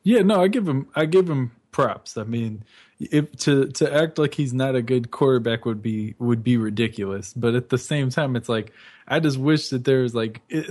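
A man's voice: mid-range voice, a little mellow. A man co-hosting a sports radio show in casual chat, hesitant and full of fillers as he weighs his views. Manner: hesitant, filler-heavy, measured opinions. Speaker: radio co-host.

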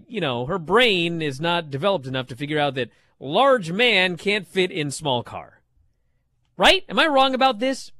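A man in his thirties co-hosting a radio talk show, telling stories in an animated way and asking rhetorical questions. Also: a little high, no room sound.

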